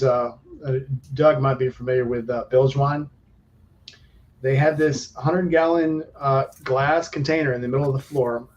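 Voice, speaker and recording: A man's voice: mid-range voice, darkish tone. Rambling man telling stories, dull lo-fi sound. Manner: rambling storyteller, drawn-out fillers. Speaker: live stream co-host. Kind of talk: casual chat.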